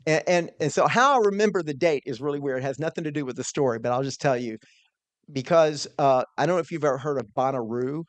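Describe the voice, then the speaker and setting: A man telling an earnest, animated personal story as a podcast guest, quoting his own thoughts along the way. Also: a little high, quick pace, no echo. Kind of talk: storytelling in a conversation.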